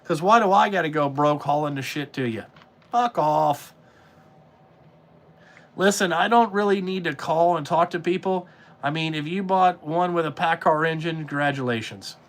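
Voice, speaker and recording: A man's voice: a little high, normal speed. A middle-aged man, ranting bluntly and profanely in casual podcast talk about his trucking trade. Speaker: podcast host, trucking business owner.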